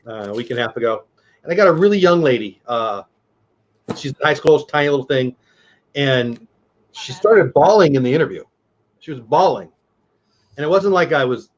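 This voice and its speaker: A man co-hosting a casual watch-party chat, telling blunt, animated work stories. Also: medium pitch, a little fast. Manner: blunt, animated storytelling with quoted voices. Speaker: co-host. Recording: dull lo-fi sound.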